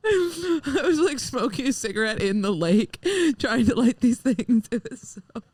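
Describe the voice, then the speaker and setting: A woman's voice: a little high, expressive, unhurried, a little mellow, breathy edge, no echo. A woman guest on a casual podcast, telling crude family stories bluntly and often breaking into laughter. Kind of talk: casual storytelling chat.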